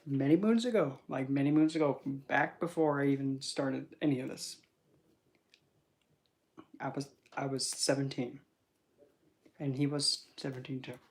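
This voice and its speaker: On a relaxed livestream, a young man who works as a spiritual reader tells animated, meandering stories loaded with fillers. He speaks a little slowly at a medium pitch and pauses often.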